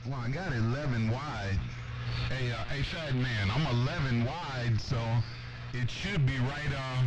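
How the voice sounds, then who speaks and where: A man's voice: medium pitch, a little slow, loud music behind the voice, low-quality recording. A man from Virginia chatting over CB radio in a laid-back, drawling way. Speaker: CB radio operator. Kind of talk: CB radio chat.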